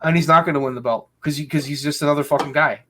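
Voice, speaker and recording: A man's voice: a little high, steady tone, racing, sharp tone, a little hiss or hum. A man hosting a casual podcast chat, ranting angrily and swearing heavily. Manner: angry ranting, heavy swearing. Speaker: podcast host.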